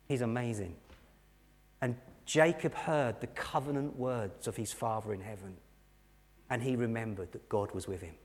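A middle-aged English man preaching a sermon, telling a personal story earnestly and dropping to soft, intense moments. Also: mid-range voice. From England. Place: church hall. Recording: long hall reverb.

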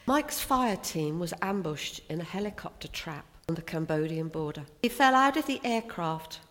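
A woman's voice: fairly low pitch, animated, normal speed. Emphatic woman preaching in an echoing hall. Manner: emphatic, rises and drops sharply for emphasis. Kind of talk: sermon. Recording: long hall reverb.

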